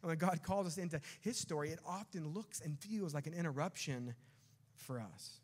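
A male pastor preaching a sermon, animated and dropping to quiet emphasis on key words. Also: on the high side, moderate pace. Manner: animated, acts out quotes, drops to quiet emphasis.

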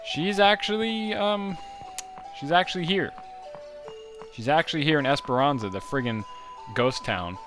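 A man's voice: on the high side, lively intonation, unhurried, pauses often. A man hosting a let's play video, chatting casually and rambling over the gameplay. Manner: rambling and upbeat, with frequent fillers. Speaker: gaming channel host. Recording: game music behind the voice.

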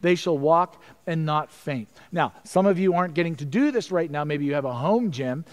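A middle-aged man preaching a sermon as pastor, telling a story with stammered repeats and dropping to a hushed voice for prayers. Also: fairly high pitch, expressive, normal speed.

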